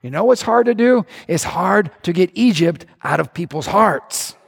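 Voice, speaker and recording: High, gravelly-voiced male pastor preaching. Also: moderate pace, big-room sound. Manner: animated, conversational preaching with humor. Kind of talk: sermon.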